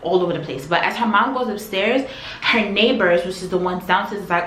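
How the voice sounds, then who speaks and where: A woman vlogger telling a personal story in a casual, animated, slangy way that swings between loud and quiet. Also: medium pitch, a little fast. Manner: animated, slangy retelling, shifts loudness. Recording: echoey room, faint background hum.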